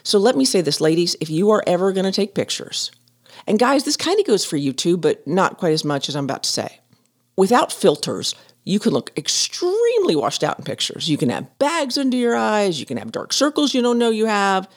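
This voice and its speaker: Lively, laughing woman storyteller. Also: medium pitch, a little fast. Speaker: podcast host. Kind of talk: casual storytelling.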